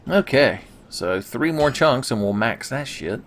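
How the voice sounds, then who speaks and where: A man's voice: medium pitch, expressive, unhurried, few pauses, slight background noise. A man giving casual, sarcastic commentary over his own gameplay, swearing often and cracking jokes. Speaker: gaming video host.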